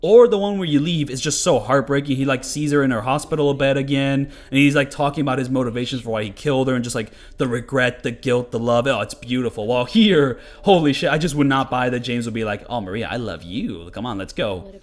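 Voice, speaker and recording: A man's voice: medium pitch, quick pace, few pauses. A young man talking loosely over gameplay as a commentator, rambling and swearing, with many filler words. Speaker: gaming commentator. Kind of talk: casual game commentary.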